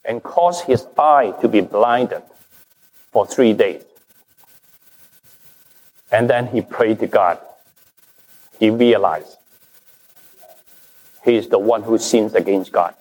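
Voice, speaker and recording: Male pastor, sermon, very slow delivery, emphatic stresses, long hall echo. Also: mid-range voice, darkish tone, breathy edge. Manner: slow, emphatic preaching with rising and falling stresses. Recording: long reverb of a large hall.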